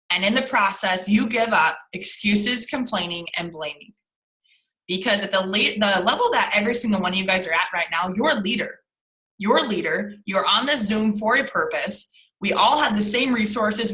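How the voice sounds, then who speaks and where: A woman's voice: mid-range voice, pushed and bright, roomy sound, poor audio. A young adult woman leading a motivational team call on a video call, speaking emphatically and repeating lines for stress. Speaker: team leader.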